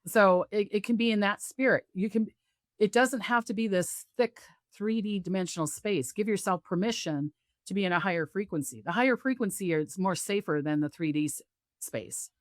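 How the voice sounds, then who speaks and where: A woman guest, a psychic medium, telling stories on a video call and acting out the voices of others with big jumps in pitch. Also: moderate pace, no room sound, clean studio sound. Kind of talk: animated storytelling interview.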